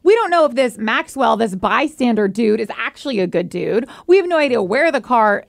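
Young female co-host, high gravelly voice, very lively swings, dry close sound. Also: brisk, dry recording. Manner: expressive, dramatic retelling with big pitch swings. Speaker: podcast co-host. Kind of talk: casual chat.

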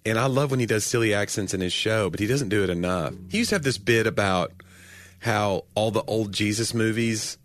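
A man's voice: fairly low pitch, a little fast. A man co-hosting a podcast, chatting casually with dry, self-deprecating jokes. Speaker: podcast co-host. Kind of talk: casual comedic chat.

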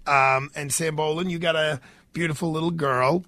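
A man's voice: fairly high pitch, steady tone, normal speed, sharp tone, dry recording. A man with a New York accent hosting a radio talk show, stuffed up with a cold, rambling and stammering with many fillers.

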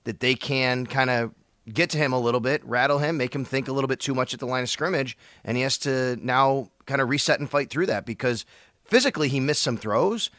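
A man talking sports on the radio, his voice bright and a little edgy. He thinks out loud, hedges often, and leans on fillers. The sound is close and dry. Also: medium pitch, no room sound. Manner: thoughtful, hedging, many fillers. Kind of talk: sports talk radio chat.

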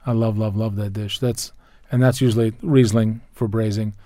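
A man's voice: on the low side, steady tone, normal speed, warm tone, no echo. A man talking food and wine pairings in a casual chat, enthusiastic and rambling, often restarting his sentences and spelling out wine names. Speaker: wine expert guest.

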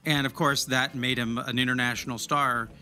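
A man's voice: medium pitch, level tone, moderate pace, sharp tone, faint music behind. A man hosting a podcast, chatting enthusiastically about films and actors with a guest, often restarting his sentences. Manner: chatty, enthusiastic film talk with many restarts. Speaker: podcast host. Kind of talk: casual interview chat.

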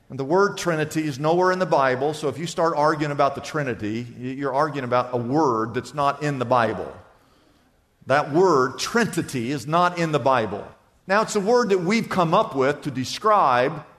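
Man, pastor, sermon, high pitch, animated, repeats himself, long reverb. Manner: animated preaching, repeats phrases, asks the congregation questions.

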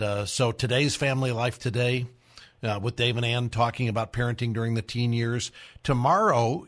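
A man hosting a radio interview, easygoing and conversational, chuckling along with his guests. He moves smoothly between comments and program announcements at a middle pitch. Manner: relaxed, chuckles along, plugs upcoming program. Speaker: radio host.

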